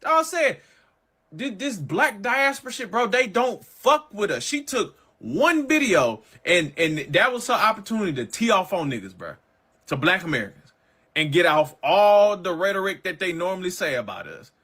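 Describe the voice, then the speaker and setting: A male commentator rants in a heated, slangy, profane voice that leaps up and down in pitch. His tone is bright and tense. He sounds like he is reacting on the spot in a casual commentary. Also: sing-song, moderate pace, slightly rough.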